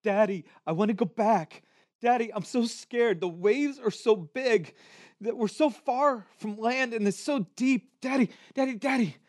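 A man voicing a frightened little girl who pleads for her daddy in a high, panicky voice. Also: a little slow, a little mellow.

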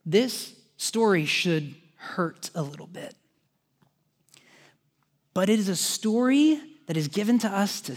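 A man preaching a sermon, casual and animated, speaking straight to his congregation with friendly asides. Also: on the high side. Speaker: pastor.

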